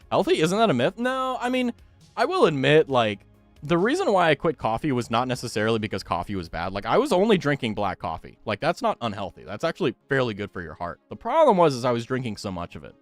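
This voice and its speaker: Animated, laughing male streamer. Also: medium pitch, fairly quick, no echo, soft background music. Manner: animated, swears freely and laughs often. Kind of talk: casual chat with viewers.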